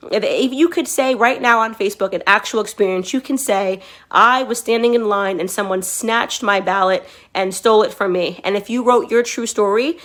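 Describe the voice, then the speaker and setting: A woman's voice: medium pitch, moderate pace, a bit bright. A woman commentator making a political argument, emphatic, posing rhetorical questions as she goes.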